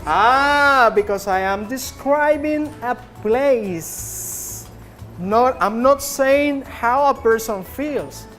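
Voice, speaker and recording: A woman teaching English to a classroom, speaking very slowly and clearly in a fairly high voice. She repeats each prompt several times to drill her students. Faint music plays in the background. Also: expressive, a bit bright. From Nicaragua.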